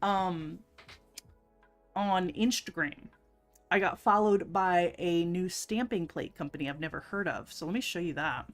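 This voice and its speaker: A woman's voice: lowish voice, unhurried. Chatty giggly woman streamer. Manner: chatty, giggly, greets chat by name. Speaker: livestream host. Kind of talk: casual livestream chat. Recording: faint music underneath.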